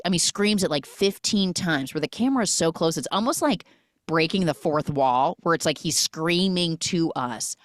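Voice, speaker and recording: Low-voiced woman retelling a movie. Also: moderate pace, no room sound, clean studio sound. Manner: animated storytelling, quoting characters. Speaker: podcast host. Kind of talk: movie recap podcast.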